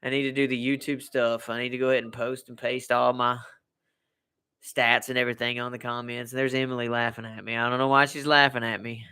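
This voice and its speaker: A man's voice: mid-range voice, little pitch movement, fairly quick, pushed and bright, smooth. An American man hosting a casual live stream from home, rambling and repeating himself as he chats to viewers. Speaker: livestream host.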